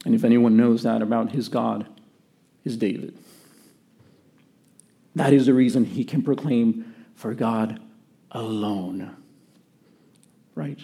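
A man preaching a sermon to his church in an earnest way, often dropping to a quiet voice for emphasis. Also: mid-range voice, fairly even intonation, unhurried, gravelly, long pauses. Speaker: pastor.

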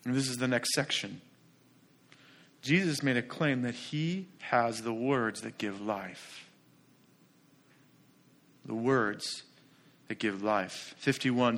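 A man preaching a sermon as pastor, emphatic and full of rhetorical questions, swinging between loud declaration and soft asides. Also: mid-range voice, slow, pauses often.

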